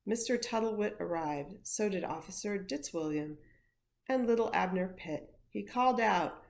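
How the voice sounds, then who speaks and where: A woman, an education coordinator, reading a picture book aloud with expressive storytelling. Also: medium pitch, normal speed, vocal fry.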